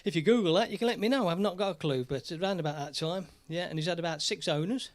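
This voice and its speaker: A British man hosting a casual live stream, chatty and jokey, slightly hoarse from a cold. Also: sits high, fast.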